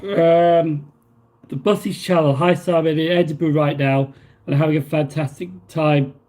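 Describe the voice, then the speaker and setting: A man's voice: a little high, steady tone, a little slow, darkish tone. A man hosting a casual livestream, reading viewer messages aloud and answering them in a rambling, filler-heavy way. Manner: rambling, with many fillers and restarts. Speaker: livestream host.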